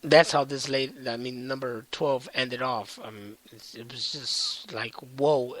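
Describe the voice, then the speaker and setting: A man recapping comics in a casual vlog, excited and rambling with heavy swearing. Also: mid-range voice, slow, poor audio. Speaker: comic book reviewer.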